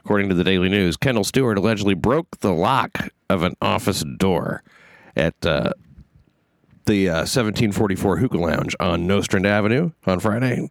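Deep-voiced New man, wry host. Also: no echo. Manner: wry, deadpan jokes, reads news aloud. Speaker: podcast host. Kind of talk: casual chat.

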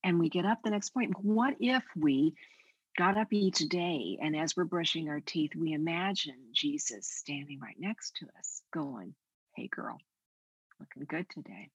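An older woman guest speaking on a faith podcast, telling stories in an animated, expressive way. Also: low voice, normal speed, husky, no echo, dull audio. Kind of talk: conversational podcast interview.

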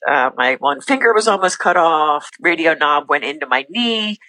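Bright-voiced middle-aged woman, earnest. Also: low voice, lively intonation, dry recording, low-quality recording. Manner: earnest, faith-filled, talks in quick bursts with restarts. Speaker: podcast guest. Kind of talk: candid personal testimony.

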